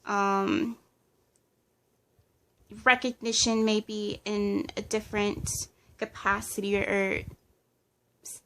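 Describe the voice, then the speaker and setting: A woman's voice: mid-range voice, little pitch movement, slow pace, pauses often, a bit bright. A woman giving a pick-a-card tarot reading in a casual, hesitant way, listing impressions with many fillers. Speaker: tarot reader.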